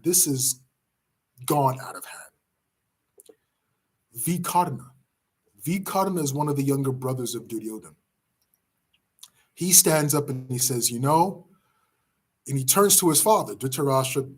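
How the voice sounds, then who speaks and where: A man teaching a class by retelling an epic story in a dramatic, emphatic way with pauses. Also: medium pitch, slightly rough. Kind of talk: storytelling lesson.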